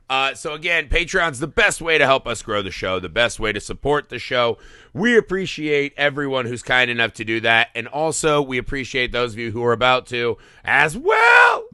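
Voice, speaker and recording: Man, casual film podcast host, lively swings in pitch, enthusiastic, swears casually. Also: clear, resonant tone, no echo, clean studio sound.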